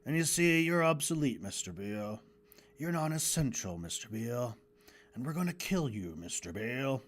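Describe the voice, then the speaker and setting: A man voicing a deluded male villain who speaks in a slow, low, threatening register and keeps repeating himself for an animation. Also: sing-song. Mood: low menacing.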